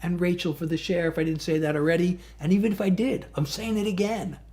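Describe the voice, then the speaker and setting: A man who sings his own songs, chatting with his livestream viewers from a bedroom studio in a soft-spoken, rambling and thankful way. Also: high-pitched, steady tone, fast. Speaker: singer-songwriter livestreamer. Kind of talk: casual chat with livestream viewers.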